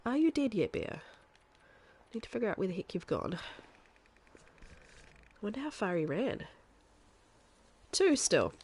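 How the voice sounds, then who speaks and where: A young woman from New Zealand with a softened New Zealand accent, chatting casually and rambling with many fillers as she streams a game. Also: medium pitch, very animated, a little slow, long pauses, slight background noise. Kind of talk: casual live game commentary.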